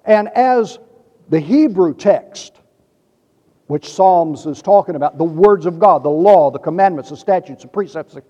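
A man preaching a sermon, reading scripture in a measured way and stressing key words. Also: sits high, lively intonation, dark tone. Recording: dull lo-fi with long reverb.

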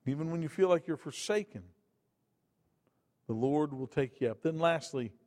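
A man preaching a sermon in a high voice, swinging between loud emphatic bursts and quiet asides. His words ring out with a long reverb from a church hall. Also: normal speed.

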